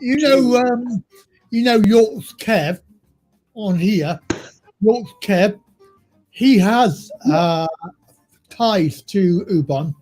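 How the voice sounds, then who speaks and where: A man's voice: high-pitched, lively intonation, drawn-out words, pauses often, a little mellow, faint music behind. A man hosting a live stream, chatty, self-mocking and easily exasperated. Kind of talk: casual live-stream chat. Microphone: video call stream mic.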